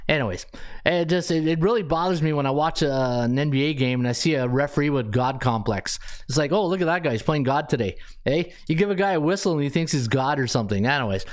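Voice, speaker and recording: A man hosts a casual sports betting podcast, his voice pitched a little high. He rambles from point to point with lots of restarts. His rants build and he laughs at his own lines. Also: quick pace. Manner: ranting, with many restarts.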